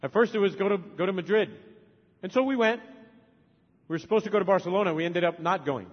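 High-voiced man preaching in an echoing hall. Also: expressive, quick pace. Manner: emphatic, swinging from loud urging to soft tender asides. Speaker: preacher and missionary. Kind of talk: sermon. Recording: long hall reverb, dull lo-fi sound.

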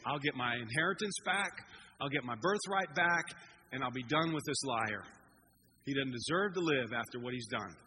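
A preacher acting out a hotheaded young man who blurts his words in a heated rush. The voice sits at an ordinary middle pitch over a noisy recording. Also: lively intonation, moderate pace, in a large hall, lightly acted. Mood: vengeful. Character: impulsive hungry young man, later vengeful.

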